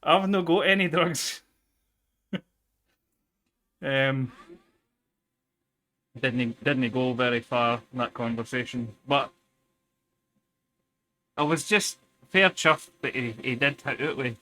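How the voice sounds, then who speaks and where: A man's voice: medium pitch, slow, long pauses, bright, forceful tone. A Scottish man telling rambling stories in casual stream chat. He swears a lot and tinkers with something as he talks. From Scotland. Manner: sweary, chatty, tells stories while tinkering. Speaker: livestreamer.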